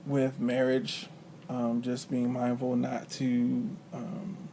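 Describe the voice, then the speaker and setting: A man, a husband and father, talking thoughtfully with frequent pauses and filler sounds. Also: mid-range voice, monotone, dark tone, slight background noise. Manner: measured, thoughtful, many pauses and ums. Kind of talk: casual chat.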